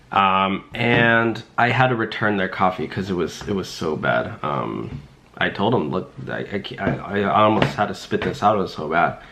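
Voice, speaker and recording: Young male vlogger, mid-pitched, rambling, jokey, filler-heavy. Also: a bit bright. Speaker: rideshare driver and vlogger. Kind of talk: casual rambling vlog.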